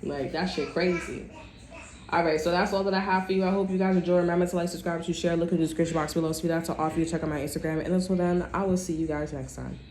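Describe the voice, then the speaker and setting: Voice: mid-range voice, fairly even intonation, fast talker, a little mellow. Tarot reader, blunt and profane, chatty, talks right to the viewer, roomy echo, faint hiss. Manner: direct address to viewers. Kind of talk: casual tarot reading monologue. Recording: echoey room.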